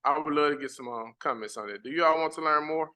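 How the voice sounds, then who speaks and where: A man with a bright, somewhat high voice teaches a live-stream lesson. He reads his slides aloud, chats casually with viewers and repeats the important points with emphasis. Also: quick pace. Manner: casual, chatty asides to the audience. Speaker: credit repair educator.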